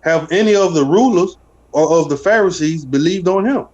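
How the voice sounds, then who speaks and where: A man reading scripture aloud at a steady, measured pace during a Bible study. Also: a little high. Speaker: scripture reader. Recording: dull lo-fi audio.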